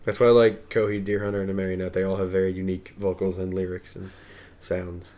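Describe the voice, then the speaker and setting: A young man co-hosting a podcast, chatting casually in a slightly low voice. He gives blunt opinions and keeps joking. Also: flat delivery, fast talker, mellow, highs cut off. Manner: opinionated, joking, trails off into mock accents. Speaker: podcast co-host. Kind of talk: casual chat.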